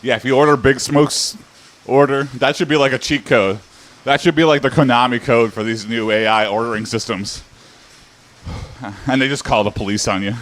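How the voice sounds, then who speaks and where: A man's voice: medium pitch, normal speed, fairly bright tone. Rambling casual male streamer. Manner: rambling, laughs often, loose storytelling. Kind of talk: casual live-stream chat.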